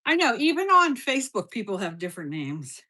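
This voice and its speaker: A woman's voice: on the high side, very animated, fairly quick, sharp tone. A woman hosting a casual cooking livestream from her kitchen, reading out viewer comments and answering them in a blunt, teasing, playful way. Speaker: livestream host.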